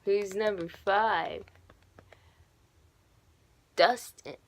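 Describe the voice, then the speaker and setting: A woman's voice: mid-range voice, extremely slow, a little hiss or hum. A young woman in her teens rambling and gushing in a casual fan vlog, full of fillers and asides. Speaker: YouTuber.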